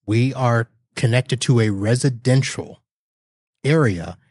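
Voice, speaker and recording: A man's voice: medium pitch, slow pace, darkish tone, husky, dry recording, clean studio sound. A man hosting a casual interview, joking and laughing often with his guest. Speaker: show host.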